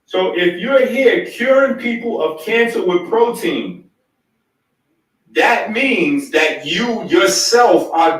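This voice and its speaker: A male host in a heated argument, insistently cutting in, then lecturing slowly and deliberately. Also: high voice, fairly bright tone, heavy reverb, recorded from a distance, poor audio. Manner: insistent, keeps cutting in to demand to be heard.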